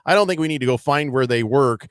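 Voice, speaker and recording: A man's voice: medium pitch, fast, smooth, no echo. Man, radio sports host, casual rambling chat, lots of fillers, dry close studio mic. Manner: rambling with many fillers and restarts. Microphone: studio microphone.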